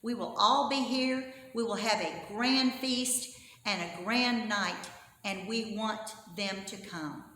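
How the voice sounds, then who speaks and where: A proud storybook king barking out brisk orders, as a woman puts him on while telling the tale. He talks in a middling voice with a quick push, and the words ring around a big echoey hall with a long tail and a faint hum underneath. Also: medium pitch, expressive, pushed and bright. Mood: commanding. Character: commanding old-time king, man, proud.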